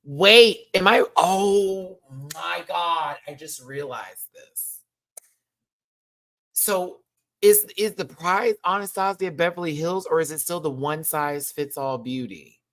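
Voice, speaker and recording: A woman chatting in a live review of a show, animated and gushing, laughing often. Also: fairly low pitch, takes it slowly.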